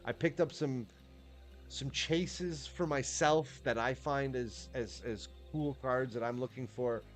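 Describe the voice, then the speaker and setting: A man's voice: mid-range voice, slow, faint music behind. A man chatting casually on a livestream, laid-back and swearing freely, often restarting his sentences. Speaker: streamer.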